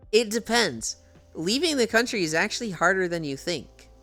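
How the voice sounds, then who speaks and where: Lively, swearing streamer chatting with viewers. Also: mid-range voice, measured pace, faint music behind. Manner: lively, laughs often, swears freely. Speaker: live streamer. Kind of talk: casual live-stream chat, answering chat.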